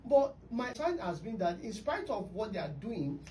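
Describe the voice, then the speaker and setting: A woman's voice: mid-range voice, sing-song, moderate pace, dark tone. A woman hosting a radio talk show, telling stories emphatically. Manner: storytelling, emphatic. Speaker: radio host. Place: radio studio. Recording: distant mic with faint noise.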